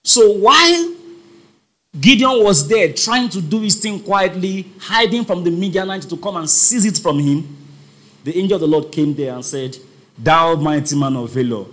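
Animated, high-voiced preacher. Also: male voice, normal speed. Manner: emphatic, repeats points and calls on the congregation. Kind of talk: sermon.

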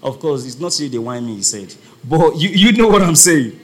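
A man's voice: fairly high pitch, big pitch swings, moderate pace. A man preaching a sermon, emphatic, repeating his points and calling on the congregation to respond.

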